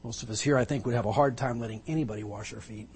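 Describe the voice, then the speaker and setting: A man's voice: mid-range voice, rapid-fire, a little mellow, slight background noise. A male pastor preaching a sermon, retelling a Bible story vividly and with emphasis, pulling listeners into the scene.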